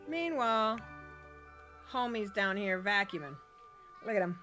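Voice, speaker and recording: Woman, game streamer, casual narration, rambling, slow pace, bright tone. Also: mid-range voice, lively intonation, soft background music. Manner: chatty, rambling, many fillers. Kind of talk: casual let's-play narration.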